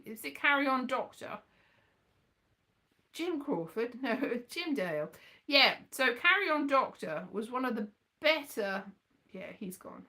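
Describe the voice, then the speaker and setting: High, lively woman chatting. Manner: chatty, wandering, thinks aloud, breaks into sing-song. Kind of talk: rambling solo chat.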